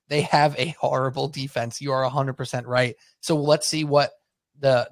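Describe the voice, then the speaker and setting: A man co-hosting a sports podcast, chatting casually and telling rambling, animated stories. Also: medium pitch, no room sound. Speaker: podcast co-host.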